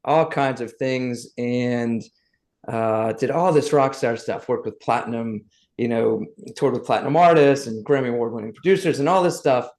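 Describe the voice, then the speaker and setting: A middle-aged man from the South, guesting on a podcast and telling his stories in a lively, animated way. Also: medium pitch, normal speed. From Southern United States. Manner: lively anecdotes, acts out the people he quotes. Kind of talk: animated storytelling.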